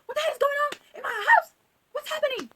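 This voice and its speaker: A woman's voice: very high voice, fast, bright, forceful tone, a little hiss or hum, pitched above the performer's own voice. A woman voicing a furious middle-aged mother, shrieking indignant questions. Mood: outraged.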